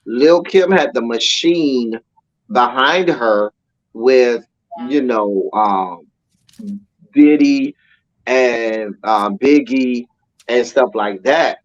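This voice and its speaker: A man's voice: medium pitch, extremely slow, dull audio. A man co-hosting a casual podcast chat, looking back on music history in a reflective manner with frequent "you know" fillers. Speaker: co-host.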